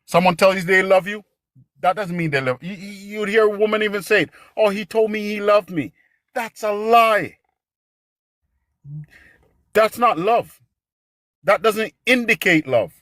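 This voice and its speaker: A man's voice: sits high, unhurried, pauses often, a bit bright, no room sound, studio quality. A man, a father, in casual discussion, speaking emphatically and restarting his sentences. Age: adult with a daughter. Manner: emphatic, restarts sentences, stresses key words.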